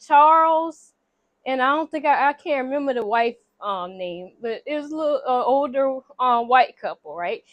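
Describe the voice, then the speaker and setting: High-voiced woman casually retelling a story. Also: moderate pace, hardly any pauses, dry recording, dull audio. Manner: animated, acts out characters' lines with voices. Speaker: vlogger recapping a movie. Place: home room near a window.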